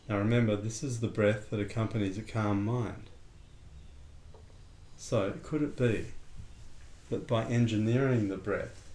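A man teaching a breathing lesson in a calm, conversational way, acting out little dialogues as he explains. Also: fairly low pitch. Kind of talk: relaxed spoken lesson with a student. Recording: echoey room with faint ambient noise.

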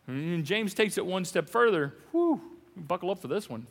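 A man preaching a sermon as pastor, animated and playful, swinging between loud emphasis and hushed lines. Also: high voice, moderate pace, creaky, in a large hall. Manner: playful, jokey asides.

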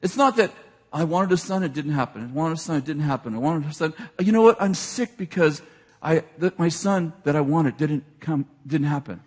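High lively preacher guy, husky voice, long church hall echo, gets shouty. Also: normal speed. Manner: animated, retells scripture in casual speech, rises to shouting. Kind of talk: sermon.

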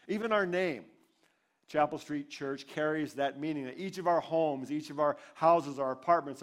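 Pastor guy preaching to his church, chatty story-telling way, voice sits a bit high. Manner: conversational, storytelling. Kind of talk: sermon. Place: church service.

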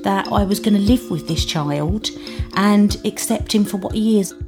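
A woman's voice: medium pitch, moderate pace. Earnest British woman telling her story. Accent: British English. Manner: earnest, plain-spoken, emotional. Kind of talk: first-person storytelling. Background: music underneath.

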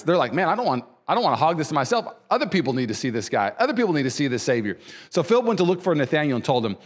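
A man preaching a sermon as pastor, conversational and animated, repeating phrases and voicing quoted people. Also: in a large hall. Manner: voices quoted people with pitch jumps.

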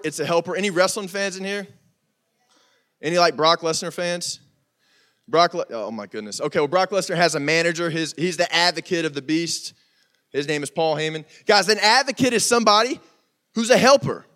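A man's voice: a little high, moderate pace, fairly bright tone. A young man preaching a casual youth sermon, joking and talking straight to the crowd in a church room. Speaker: youth pastor.

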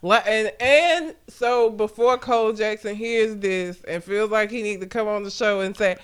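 High, smooth-voiced man telling blunt stories. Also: moderate pace, fairly bright tone. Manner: blunt, profane storytelling with frequent laughs. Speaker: podcast co-host. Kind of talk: casual chat.

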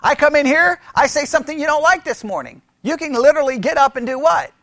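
A pastor teaching church history as a sermon-style lecture, animated, asking the room questions and often restarting his words. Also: extremely high pitch, quick pace, no echo, clean studio sound. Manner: animated, asks the room questions, mimics critics.

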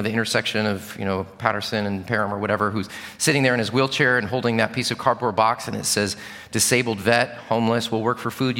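A male preacher delivering a sermon, telling the story with energy and moving between hushed, slow lines and loud, raised ones. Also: lowish voice. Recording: long reverb of a large hall.

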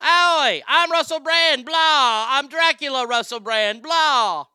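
Brash lazy celebrity doing a half-hearted vampire, put on by a man, loud and high. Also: slow pace, dry recording, clean studio sound, heavily acted. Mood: mocking. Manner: loud, careless, mocking.

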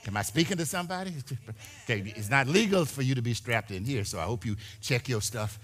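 A man preaching a sermon in a church, animated, building to shouts and repeating his words. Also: mid-range voice, fairly quick. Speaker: pastor.

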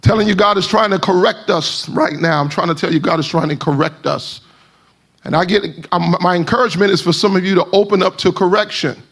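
A male pastor preaching a sermon with impassioned delivery that builds to shouting. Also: high voice, fairly quick.

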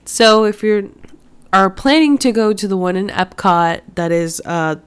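A woman's voice: mid-range voice, lively intonation, unhurried, smooth. A young woman who hosts a podcast, talking casually while sick, with a nasal-sounding voice and many fillers and restarts. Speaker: podcast host. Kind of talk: casual chat.

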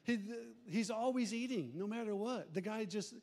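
A middle-aged male pastor preaching a conversational sermon, animated and acting out church members. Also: high-pitched, moderate pace. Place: church sanctuary. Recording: long reverb of a church hall.

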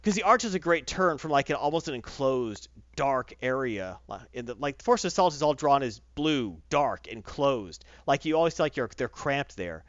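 A man retells a comic story in an easygoing podcast chat, his pitch jumping around as he slips into quick voices for the characters. The sound is dry and close, with a dull, lo-fi tone. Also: expressive, no room sound. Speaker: podcast host reviewing comics. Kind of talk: casual comic book recap.

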